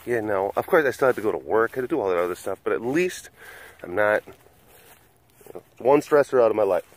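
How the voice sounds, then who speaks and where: A man's voice: lowish voice, animated, fast talker. A middle-aged man hosting a casual vlog, talking in a rambling, hesitant way with many fillers. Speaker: big cat sanctuary vlogger.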